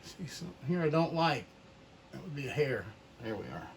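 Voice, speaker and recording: This paint-along host has a fairly high voice with lively intonation and some vocal fry, plus a little hiss or hum on the audio. He leads the relaxed oil painting tutorial at a slow, easygoing pace, often muttering to himself.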